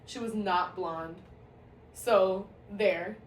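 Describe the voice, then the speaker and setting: A young woman telling a personal story in a casual, profane, animated way, often breaking into laughter, recorded at home. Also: mid-range voice, drawn-out words. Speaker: storyteller vlogger. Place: at home, indoor room. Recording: echoey room, distant mic, faint hiss.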